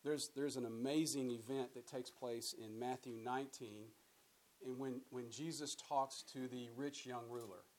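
A man's voice: medium pitch, steady tone, moderate pace, darkish tone, poor audio. A man teaching a Bible study in a conversational way, often repeating words and putting questions to his listeners. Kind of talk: sermon-style Bible teaching.

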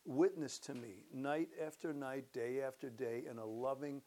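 Older male pastor, mid-pitched, chatty church talk turning into a lively testimony. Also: moderate pace. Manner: relaxed conversational, warming into animated storytelling. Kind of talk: church announcement and personal testimony.

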